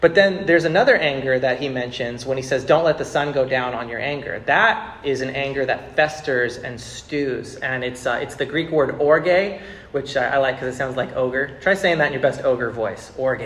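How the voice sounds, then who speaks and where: Preaching to a congregation in a church sanctuary, this pastor in his thirties keeps a casual tone, repeating words and rising to emphatic bursts. His medium-pitched, fairly bright voice moves at a moderate pace and sounds reverberant.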